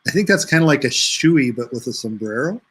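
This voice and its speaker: A woman co-hosting a casual livestream, adding short low-key remarks. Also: expressive, a little fast, husky. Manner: low-key, brief interjections. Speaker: co-host.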